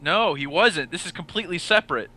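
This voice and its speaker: Bright-voiced man telling a story. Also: sits high, fast talker, slight background noise. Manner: animated anecdote telling with quoted voices. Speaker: podcast host. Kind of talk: casual podcast storytelling.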